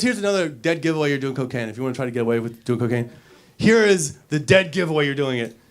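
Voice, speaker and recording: Brash, profane stand-up comic man. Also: on the high side. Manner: brash and profane, swinging between loud bursts and mumbled asides. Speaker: stand-up comedian. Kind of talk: stand-up comedy set.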